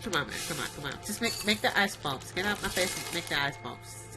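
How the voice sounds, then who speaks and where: A woman hosting her own gaming video, giving casual, excitable commentary as she plays, laughing often and talking to herself. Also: lowish voice, a little fast. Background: game music.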